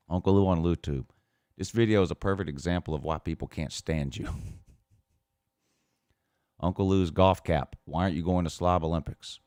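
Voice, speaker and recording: Man, very deep voice, dry close sound, mocking host reading comments, laughs a lot. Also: huge pitch swings, normal speed, long pauses, dry recording. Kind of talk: casual chat.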